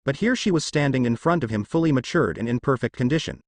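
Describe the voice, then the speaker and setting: Lively male storyteller reading fan fiction. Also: medium pitch, quick pace, no echo. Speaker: narrator.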